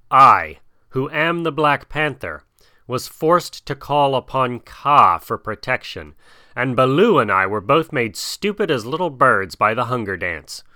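Man doing a stern proud panther, scolding, crisp bright voice, dry sound. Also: mid-range voice, no room sound.

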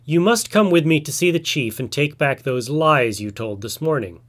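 A man voicing a proud, truthful male tiger who is quick to anger and demands things, in a told folk tale. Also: on the high side, lively intonation, natural voice. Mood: angry. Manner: roaring, demanding.

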